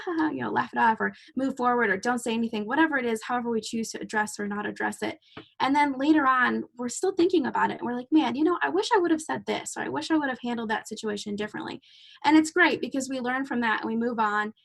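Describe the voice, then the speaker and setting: Chatty woman with a gravelly edge. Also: on the high side. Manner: chatty storyteller who laughs easily. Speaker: podcast host and clinician. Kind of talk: casual podcast conversation.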